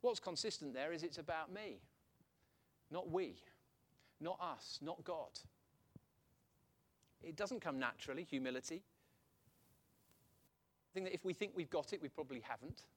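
A man preaching a sermon in a chatty, animated way, laughing at his own points. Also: fairly high pitch, normal speed, long pauses.

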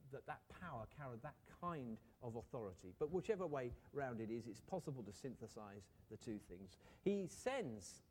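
A man's voice: mid-range voice, darkish tone. A man preaching a sermon in a conversational way, asking rhetorical questions and briefly acting out the people in his story.

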